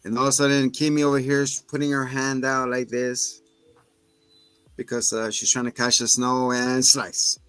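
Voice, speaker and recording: A man casually recapping a film for a podcast, retelling scenes with quick voices for the characters. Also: mid-range voice, flat delivery, a bit bright, clean tone, dry recording, soft background music. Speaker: podcast co-host. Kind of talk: casual movie review chat.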